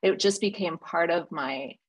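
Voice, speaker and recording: A woman's voice: on the low side, measured pace, breathy edge, low-quality recording. A woman hosting a casual conversation, talking in a reflective, thoughtful way.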